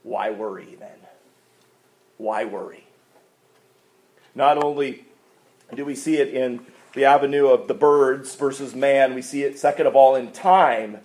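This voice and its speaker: A male pastor preaching a sermon, asking rhetorical questions and swinging between loud, stressed lines and quiet asides. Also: medium pitch, fairly even intonation, normal speed.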